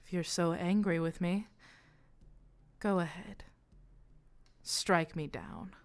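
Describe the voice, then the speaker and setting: A woman voicing an eerie, calm female being who taunts slowly and drops into whispers. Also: lowish voice. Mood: taunting. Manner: slow, soft and goading, slipping into whispers.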